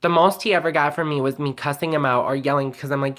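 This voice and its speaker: A woman's voice: deep voice, steady tone, quick pace, hardly any pauses. A woman talking straight to camera in a personal vlog, heated and venting, sometimes close to tears. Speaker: vlogger.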